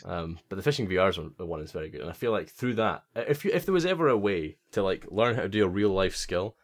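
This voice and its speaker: A man's voice: low voice, lively intonation, quick pace. A man hosting a casual podcast chat, laughing often and rambling with restarts. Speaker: podcast host.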